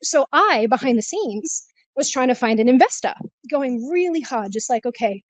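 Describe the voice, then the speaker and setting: A woman's voice: sits high, expressive, moderate pace, no room sound. A woman talking candidly and emotionally as a guest, laughing now and then, stressed and short of breath. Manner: emotional, confessional, laughs often. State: stressed, out of breath while walking. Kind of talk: candid conversation. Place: walking, then sitting, on a remote call.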